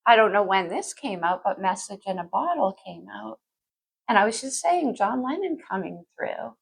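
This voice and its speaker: A woman with a husky, gravelly voice reads tarot cards in a loose, chatty way. She thinks out loud as she turns each card over and sometimes half-sings a line. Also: mid-range voice, rough recording. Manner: chatty, thinks aloud, sings lyrics softly. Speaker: tarot reader. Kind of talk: casual tarot reading.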